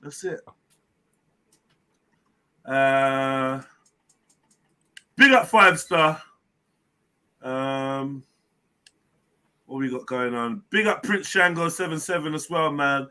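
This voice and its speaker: A man hosting a live-stream chat show, telling stories in an animated way, full of slang and swearing. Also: mid-range voice, slow pace, pauses often. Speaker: host and personal trainer.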